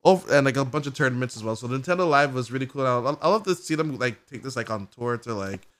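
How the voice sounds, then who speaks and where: Co-hosting a casual gaming podcast, a man rambles through an event recap in a quick, mid-range voice. His chat is full of "like" fillers, and he tells the story excitably, acting out characters' reactions.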